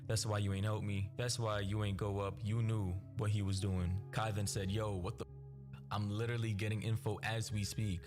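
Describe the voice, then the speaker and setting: A man in a recap video giving scripted narration, reading out text messages in a steady, even delivery. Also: on the low side, normal speed. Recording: narration over loud background music.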